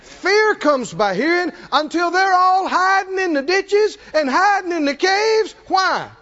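A man preaching a sermon, swinging dramatically from shouts to hushed tones. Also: very high-pitched, expressive, a little slow, highs cut off.

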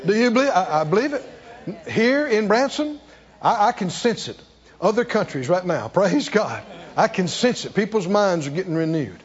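A male preacher, preaching with rhetorical questions and sudden swings between soft and loud. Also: high-pitched, big pitch swings, moderate pace, husky. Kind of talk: sermon. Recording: dull, echoey hall.

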